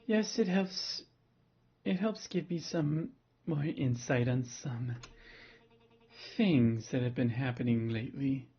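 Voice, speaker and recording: A man doing a slow, seductive cool researcher woman. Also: very deep voice, breathy edge, muffled recording, exaggerated voice. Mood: dismissive.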